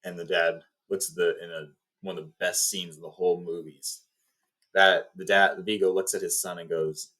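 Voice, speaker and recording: Rambling low-voiced man retelling a movie. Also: flat delivery, normal speed, sharp tone. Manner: rambling, filler-heavy storytelling. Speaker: video host.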